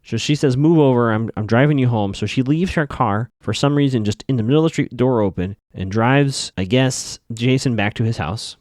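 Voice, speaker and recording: A man hosting a podcast, casually recapping a TV episode scene by scene with lots of fillers and quick bits of acted-out dialogue. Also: medium pitch, darkish tone, no echo, studio quality. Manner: chatty, loose, many fillers, acts out characters' lines in passing.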